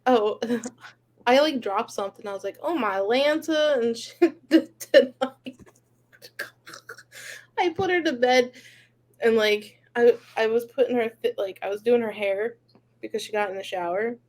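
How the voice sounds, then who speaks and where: A woman's voice: fairly high pitch, moderate pace. A young woman co-hosting a podcast, casually telling funny stories about her daughter between laughs. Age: young adult. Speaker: podcast co-host. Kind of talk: casual chat.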